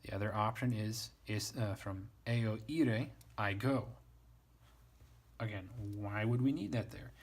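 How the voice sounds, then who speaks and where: Husky man teaching Latin casually. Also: mid-range voice. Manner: wry, self-deprecating, works through ideas aloud. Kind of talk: casual spoken lesson, thinking aloud.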